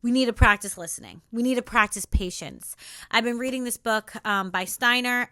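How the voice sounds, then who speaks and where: A young woman hosting a spiritual self-help podcast, talking in an earnest, intimate way that moves between soft reflection and sassy encouragement. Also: medium pitch, dry recording, studio quality. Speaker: podcast host.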